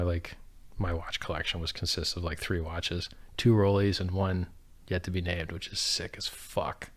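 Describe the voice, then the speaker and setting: A man hosting a casual livestream, reading chat questions and answering them in a blunt, profane, offhand way, speaking into a studio dynamic mic with a foam pop filter. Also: low voice.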